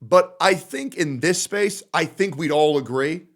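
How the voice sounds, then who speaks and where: A man's voice: a little high, measured pace. A male streamer in a blunt, profane, sarcastic livestream reaction rant.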